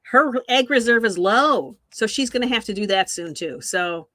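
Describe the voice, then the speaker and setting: A woman's voice: on the high side, animated, normal speed, bright, forceful tone, no echo. Frank woman co-host, dry close sound. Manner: agreeable, frank commentary with short backchannels. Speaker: podcast co-host. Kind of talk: casual recap chat.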